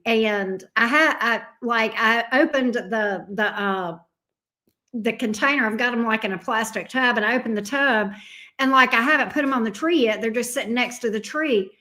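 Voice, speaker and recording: A woman's voice: fairly high pitch, a bit bright. A woman tarot reader, chatting casually and playfully on her livestream with frequent fond asides. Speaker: tarot reader and channel host.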